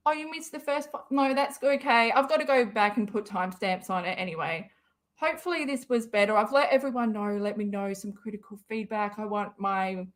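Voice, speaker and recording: A young adult woman, chatting casually on a livestream, rambling, swearing often and laughing a lot. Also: mid-range voice. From Western Australia. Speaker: livestream host.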